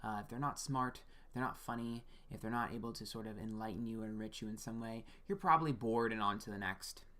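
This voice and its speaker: A man's voice: on the low side, fast, few pauses, bright, forceful tone. A man giving a casual, frank one-on-one birth chart reading as an astrologer, talking straight to the listener and checking in with "okay?" and the occasional swear.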